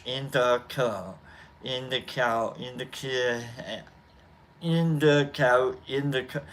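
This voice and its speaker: A man hosting a casual chat show, talking in a rambling, halting way full of fillers and restarts. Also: mid-range voice, slight background noise. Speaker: host. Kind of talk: casual chat while smoking.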